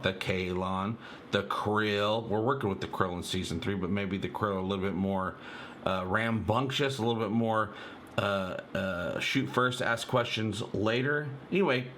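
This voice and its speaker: A man hosting a casual fan video, talking excitedly and rambling with lots of fillers as he breaks down a trailer for viewers. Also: fairly low pitch, normal speed, slight background noise. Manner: excitable, rambling, many fillers, addresses viewers as "you guys". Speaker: channel host.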